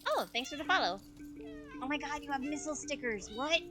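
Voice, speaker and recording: A woman's voice: sits high, lively intonation, a little fast. Playful woman streamer, meowing along. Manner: playful, chatty, meows at the game and viewers. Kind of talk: live gameplay commentary. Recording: game music clearly behind voice. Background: game soundtrack music.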